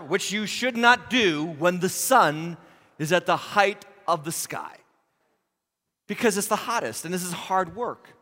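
High, bright-voiced preacher in a big hall. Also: male voice. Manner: animated storytelling, acting out Bible scenes with humor. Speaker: lead pastor. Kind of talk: sermon.

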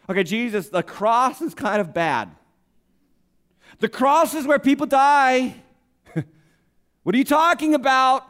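Man, pastor, sermon, very high voice, animated, joking. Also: unhurried, pauses often. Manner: animated and humorous, acts out quotes.

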